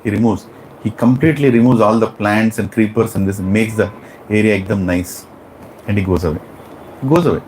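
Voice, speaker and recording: Animated Indian English spiritual teacher. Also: male voice, fairly low pitch, brisk, a little hiss or hum, poor audio. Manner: animated, acts out characters, asks the class questions. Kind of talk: class lecture with storytelling.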